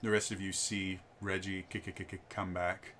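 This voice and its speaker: A man's voice: low voice, flat delivery, normal speed, pushed and bright, slight background noise. A man narrating as game master in a tabletop game, stammering with many fillers.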